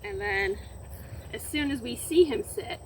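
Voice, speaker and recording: A high-pitched woman explains clicker training outdoors, talking casually while she works with a dog on the grass. The recording is noisy, with plenty of outdoor sound behind her voice. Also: animated, unhurried. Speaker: library program host. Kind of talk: casual instructional demo.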